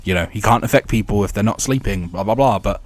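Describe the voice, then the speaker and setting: A man's voice: fairly low pitch, fast talker. A man giving blunt, rambling game commentary with wry asides. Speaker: gaming YouTuber.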